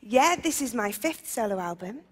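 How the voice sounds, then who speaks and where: A woman's voice: on the high side, animated, normal speed. Cheerful Liverpool woman in echoey hall. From England. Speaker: interview guest, singer. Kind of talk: casual interview chat.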